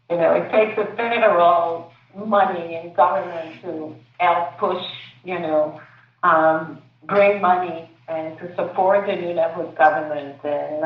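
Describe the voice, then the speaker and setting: Hesitant woman heard from far off. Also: lowish voice. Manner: hesitant, searching for words, many fillers. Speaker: filmmaker answering audience questions. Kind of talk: panel Q&A answer. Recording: distant, echoey, phone-like sound.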